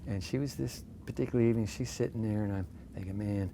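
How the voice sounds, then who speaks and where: A pastor in his sixties, guest in an interview, telling stories in a lively way with self-deprecating humor. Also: on the low side, fast, noisy background. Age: 60s. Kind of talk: storytelling in a casual interview.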